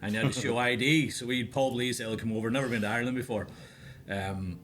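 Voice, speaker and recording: A man's voice: mid-range voice, fairly even intonation, fast talker, fairly bright tone. A middle-aged man in a casual podcast chat, a DJ recalling old gigs and acting out the voices in his stories. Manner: storyteller who acts out quoted dialogue. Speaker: DJ and podcast guest.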